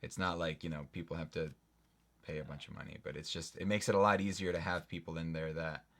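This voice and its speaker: A man's voice: extremely low pitch, steady tone, fast talker, fairly bright tone. A young man co-hosting a casual livestream, rambling and filling his talk with "like". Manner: rambling, full of "like" fillers. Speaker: livestream co-host.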